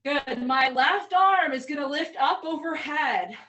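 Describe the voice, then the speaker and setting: A woman fitness coach calls out moves and counts down reps in a high, bright voice, slightly out of breath. She sounds set back from the microphone, as if moving around the room while she demonstrates. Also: measured pace, recorded from a distance, highs cut off. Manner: upbeat cueing, counting down reps. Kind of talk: live online workout instruction.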